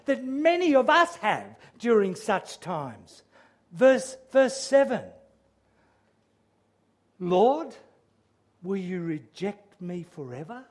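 Earnest, slow-speaking high-voiced preacher. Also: male voice, lively intonation. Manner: earnest, measured, with repeated restarts; quotes scripture in a raised, crying-out voice. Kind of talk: sermon.

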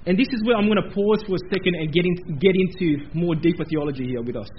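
A man preaching a sermon in a church, animated and repeating phrases for emphasis. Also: high voice, quick pace, highs cut off, a little hiss or hum. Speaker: pastor. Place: church building.

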